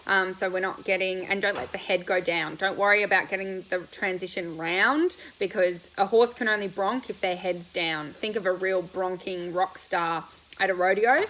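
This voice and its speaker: Bubbly, bright-voiced woman riding coach. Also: fairly low pitch, slight background noise, low-quality recording. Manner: bubbly and chatty, quick laughs, loose rambling answers. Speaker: riding coach hosting a live Q&A. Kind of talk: casual live-stream chat answering viewer comments.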